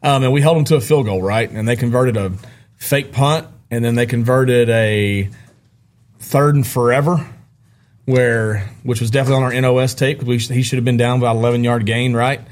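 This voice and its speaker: A man, a football coach, explaining his team's play quickly during an interview. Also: mid-range voice. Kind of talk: post-game interview.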